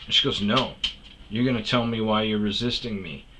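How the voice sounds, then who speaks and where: A man's voice: fairly low pitch, fairly even intonation, a little fast, heavy background noise. A man hosting a podcast, telling a story in a profane, heated rant that keeps restarting its sentences. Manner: swears often, restarts sentences, gets heated. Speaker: podcast host.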